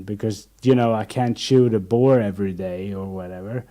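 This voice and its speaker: A young man chatting casually as a podcast host, with a mellow, dark-toned voice. He rambles through stories, restarts his sentences often and acts out what people said to him. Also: on the low side, fairly even intonation, moderate pace. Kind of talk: casual chat.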